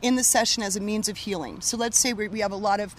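A woman working as a medium, telling stories in an animated, casual conversation with frequent laughter. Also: medium pitch, quick pace, slight background noise.

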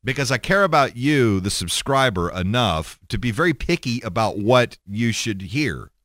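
A man hosting his own podcast, holding forth in a blunt, profane, rambling way. His pitch swings widely as he talks, and his voice sounds dry and close to the mic with no room around it. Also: lively intonation, moderate pace, a bit bright, dry recording. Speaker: podcast host. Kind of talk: casual monologue.

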